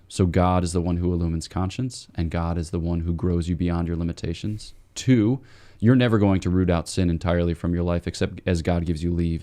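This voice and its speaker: Man from the eastern US, priest, podcast guest, thoughtful explanations, very deep voice, mellow tone. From United States, between Washington DC and Boston. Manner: thoughtful, explanatory, many fillers and restarts. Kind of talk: casual conversation.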